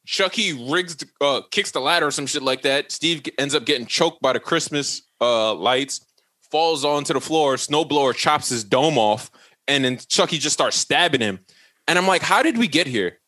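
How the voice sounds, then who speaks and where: A podcast co-host with a slightly high voice at a moderate pace casually retells a movie plot. He animatedly acts out each character's lines, swearing plenty and laughing along the way.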